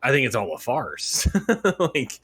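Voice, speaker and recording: A man co-hosting a podcast, chatting casually in an animated way and swearing freely. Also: mid-range voice, takes it slowly, husky. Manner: animated and profane. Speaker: podcast co-host. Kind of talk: casual chat.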